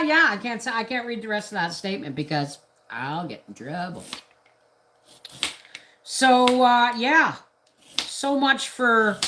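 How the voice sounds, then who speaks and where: Her mid-range voice comes through with some background noise. A middle-aged homestead vlogger from Canada, she rants on a casual live stream, sounding indignant and meandering, with frequent restarts.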